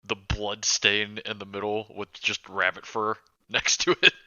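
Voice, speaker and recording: A man's voice: on the low side, little pitch movement, measured pace, pushed and bright, no room sound, dull audio. A man playing a tabletop game in a playful way, describing what his character does. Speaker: player. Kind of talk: casual tabletop play.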